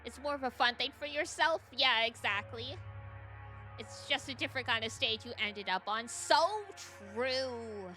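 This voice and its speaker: A young woman from Canada with a high, youthful-sounding voice, chatting quickly and giggling as a VTuber streamer. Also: expressive, pushed and bright, soft background music. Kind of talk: casual stream chat.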